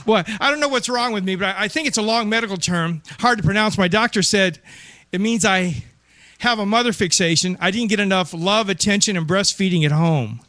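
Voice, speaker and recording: A man with a high, sharp voice delivers a stand-up routine of groan-worthy gags. He laughs along at his own jokes in a self-amused way. The sound is dry and close. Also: a little fast, no room sound. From Ohio. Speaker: stand-up comedian. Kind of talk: stand-up one-liners.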